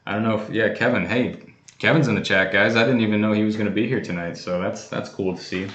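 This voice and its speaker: A man's voice: fairly low pitch, fairly even intonation, fast, fairly bright tone, echoey room, muffled recording. A man hosting a casual livestream, chatting easily while he opens fan mail, with many fillers and restarts. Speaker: coin collecting channel host.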